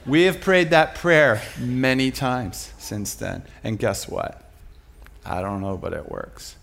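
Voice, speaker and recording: A man's voice: mid-range voice, slow pace, gravelly, a bit bright. A middle-aged man preaching, telling a family story with self-mocking humor and often breaking into laughter.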